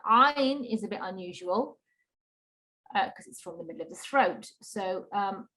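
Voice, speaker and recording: A woman teaching a Qur'an recitation class over a video call, patient and encouraging, slowly modelling sounds for students to repeat. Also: mid-range voice, a bit bright.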